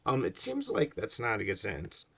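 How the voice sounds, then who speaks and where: A man's voice: fairly low pitch, huge pitch swings, normal speed, gravelly, fairly bright tone, husky. A man reading a book aloud and breaking off into wry, digressive asides, laughing at his own jokes.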